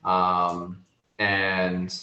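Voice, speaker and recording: Unhurried man running a tabletop game. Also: sits low, monotone, muffled recording. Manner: unhurried, full of ums and you-knows. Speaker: game master. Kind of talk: improvised tabletop game narration. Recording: echoey room, faint noise.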